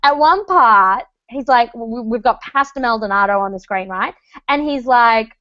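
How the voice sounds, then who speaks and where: A woman's voice: fairly high pitch, lively intonation, normal speed, sharp tone, dry recording, muffled recording. An Australian woman co-hosting a podcast in casual chat, laughing often and acting out quotes in put-on voices. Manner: chatty, laughing, acts out quotes in mock voices. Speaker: podcast co-host.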